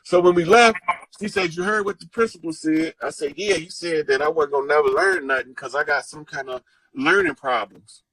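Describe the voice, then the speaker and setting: Husky-voiced man telling stories casually. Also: a little high, fairly quick, no room sound, low-quality recording. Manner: animated, profane, acts out quotes. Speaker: guest storyteller. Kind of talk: casual storytelling.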